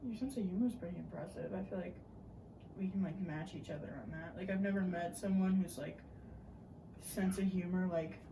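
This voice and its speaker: A woman's voice: lowish voice, fairly quick, distant mic, noisy background. Laid-back teen girl in an echoey room. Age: teens. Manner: laid-back, filler-heavy, profane. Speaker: co-host. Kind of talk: casual Q&A chat.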